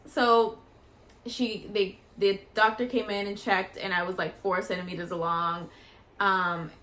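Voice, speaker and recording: A woman vlogger casually telling a personal story in a chatty, animated way, acting out what people said. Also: on the low side, a little hiss or hum. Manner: chatty and animated, acts out quoted voices.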